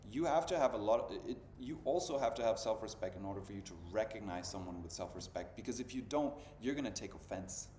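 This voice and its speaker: A man's voice: medium pitch, darkish tone. Man, thirties, podcast host, slangy casual chat, roomy echo, faint background hum. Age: 30s. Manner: loose, slangy, peppered with "bro" and "dude". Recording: echoey room with faint ambient noise.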